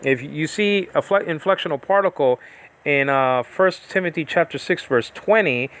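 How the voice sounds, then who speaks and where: A man's voice: on the high side, moderate pace, a bit bright. A man giving an informal Bible study lesson on Greek grammar, rambling with many fillers and often asking if the listener understands. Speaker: Bible teacher.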